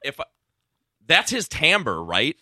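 A man's voice: a little high, huge pitch swings, slow pace, pushed and bright, dry recording, studio quality. A man co-hosting a radio show, chatting casually and joking at his own expense with frequent laughter. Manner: self-mocking, laughs a lot. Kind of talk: casual on-air banter.

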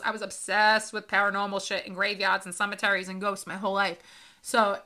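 A woman in her thirties talks through her own life story on a podcast. Her voice is bright and clear, and she speaks in a loose, unscripted way with many fillers. She sounds close to tears at times. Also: mid-range voice, level tone, a little fast. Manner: emotional, with frequent fillers and laughs. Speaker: podcast host. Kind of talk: personal storytelling monologue.

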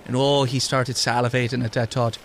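A man's voice: mid-range voice, level tone, a little fast, a bit bright, slight background noise, lightly acted. A man putting on a folksy Irish-tinged ancient schemer. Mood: scheming, boastful. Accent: put-on Irish. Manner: rambling, folksy storytelling. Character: ancient world-weary man who tricked the devil.

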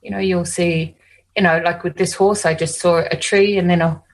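A woman's voice: fairly low pitch, fairly even intonation, normal speed, rough recording. An Australian woman working as an animal communicator and hypnotist. She tells stories in casual conversation, rambling, restarting often and saying "you know" a lot.

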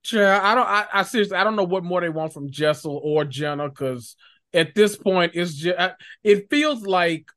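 A podcast guest in casual chat, expressive and slangy, laughing often while giving opinions. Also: mid-range voice, moderate pace.

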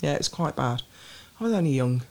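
A woman with a Birmingham accent, chatting lively and laughing easily as an interview guest. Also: deep voice, a little fast, gravelly. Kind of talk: casual chat.

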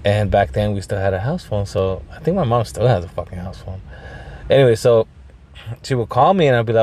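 A man hosting a podcast, telling a rambling story with lots of swearing, throat clearing and bits of Spanish. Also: fairly low pitch, lively intonation, fairly quick, a little mellow. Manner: mixes in Spanish phrases. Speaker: podcast host. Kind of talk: casual storytelling monologue.

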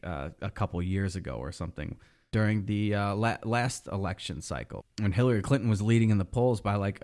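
A man's voice: fairly low pitch, a little mellow. A man giving a casual, sarcastic opinion monologue as a political commentator, rambling and swearing freely. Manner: sarcastic, profane, rambling with restarts.

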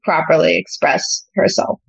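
A woman co-hosting a podcast, chiming in with quick, lively remarks. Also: on the low side, vocal fry, breathy edge, dry recording, rough recording. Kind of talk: casual chat.

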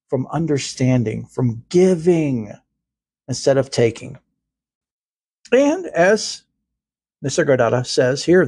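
An earnest man hosts a spiritual talk show, preaching in repeated phrases. His voice sits fairly high and swings widely in pitch. The tone is husky and dry. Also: darkish tone, no room sound. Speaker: podcast host.

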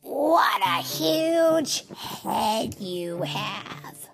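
A woman voicing a mean, taunting storybook monster in a slow, sneering drawl. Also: sits high, sing-song, vocal fry, faint music behind, pitched above the performer's own voice, heavily acted.

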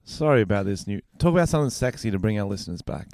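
A man co-hosting a comedy podcast, cheeky and quick to laugh. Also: fairly low pitch, lively intonation, a little mellow, no room sound, studio quality. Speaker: podcast co-host. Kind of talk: casual comedic banter.

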